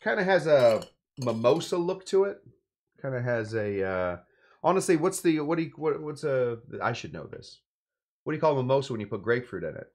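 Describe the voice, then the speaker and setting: A male cocktail host from California chats through a casual drink demo at a medium pitch. He rambles and jokes, dropping playful asides as he goes. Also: very animated, fairly quick.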